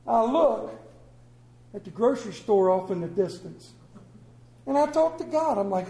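A man's voice: high voice, big pitch swings, normal speed, long pauses, dark tone. A man preaching a sermon, telling folksy, exaggerated stories in a church. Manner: folksy storytelling with comic exaggeration. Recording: echoey room.

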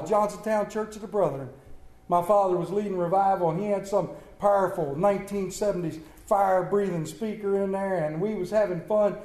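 A man's voice: high voice, brisk, roomy sound, rough recording. A man preaching a sermon, telling stories by turns tenderly and with humor. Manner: storytelling, shifts between hushed tender reading and lively humor. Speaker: pastor.

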